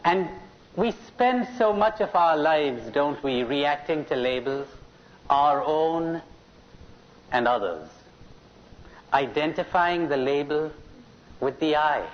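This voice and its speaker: A middle-aged man with a higher-than-average, animated voice speaks slowly with long pauses. He's giving a live talk at a spiritual conference, putting questions to his listeners and telling them jokes. The sound is dull and lo-fi, like an old cassette tape.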